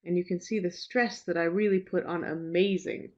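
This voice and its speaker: Woman, teacher trainer, webinar talk; lowish voice, relaxed and reassuring, many fillers; slightly muffled video-call sound. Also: moderate pace. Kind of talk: webinar presentation. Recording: slightly dull lo-fi webinar audio.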